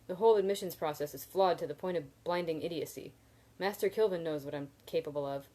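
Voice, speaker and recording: A woman's voice: deep voice, fast talker, a little mellow, lightly acted. A woman reading the lines of a brash, outspoken young male student in an audiobook-style reading. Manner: indignant, outspoken.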